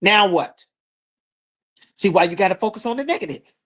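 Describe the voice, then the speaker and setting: A man teaching scripture to a class in a blunt, forceful preaching manner with coarse language. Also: high voice, expressive, normal speed. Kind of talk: street-corner scripture teaching.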